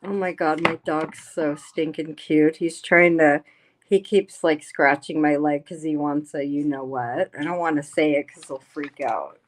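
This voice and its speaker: A woman's voice: deep voice, steady tone, measured pace. A woman hosting a casual livestream, reading the chat aloud and talking bluntly with plenty of swearing. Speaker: livestream host. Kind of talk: casual live-stream chat. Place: home.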